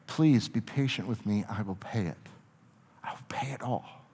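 A man reading a hushed begging debtor. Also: lowish voice, moderate pace, slightly rough, pitched below the performer's own voice. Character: humbled male debtor begging his master. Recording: long reverb of a large hall.

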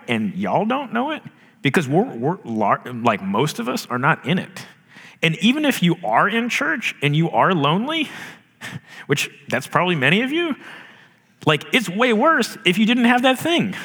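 A man's voice: mid-range voice, fairly bright tone. A man preaching a sermon, talking casually with lots of fillers. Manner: casual, conversational preaching with many fillers and laughs. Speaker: pastor. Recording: long hall reverb.

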